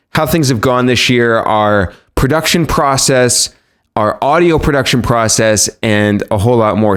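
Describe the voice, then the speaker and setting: A man hosting a podcast, opening the episode in an upbeat, grateful way and saying how excited he is. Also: medium pitch. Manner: upbeat and thankful, repeats "very excited". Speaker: podcast host.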